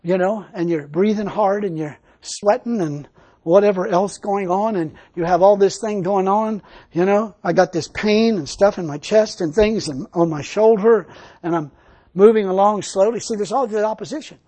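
Husky high-voiced male preacher. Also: normal speed, warm tone. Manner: storytelling, emphatic, laughs often. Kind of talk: sermon.

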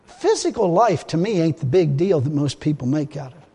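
A man's voice: on the high side, lively intonation, a little fast, warm tone, slightly rough, in a large hall. A man preaching a sermon in an emphatic, folksy way, often restarting his phrases.

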